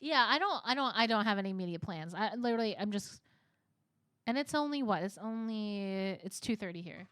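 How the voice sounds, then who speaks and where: A woman's voice: medium pitch, animated, brisk, a bit bright, no room sound, clean studio sound. A young woman streaming a narrative game, reading its text aloud and reacting with frequent giggles.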